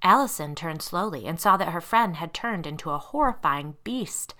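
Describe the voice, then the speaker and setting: A woman narrating a scary children's story in an expressive storytelling style. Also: fairly low pitch, moderate pace.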